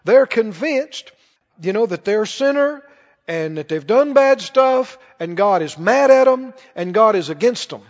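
A man with a notably high voice preaches to his congregation, asking them questions as he goes. The sound is muffled and lo-fi, with a long reverb trailing off through a large church hall. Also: lively intonation, a little slow. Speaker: pastor. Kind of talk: sermon. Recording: dull reverberant church recording.

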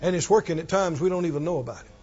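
A man's voice: fairly high pitch, racing, darkish tone, breathy edge. A man preaching a sermon with emphasis, often firing questions at the congregation. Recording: dull lo-fi recording.

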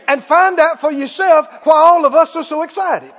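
A man preaching a sermon, exuberant, shouting praise and stretching words out for emphasis. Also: very high-pitched, moderate pace, muffled recording, some chatter behind. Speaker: pastor. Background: congregation.

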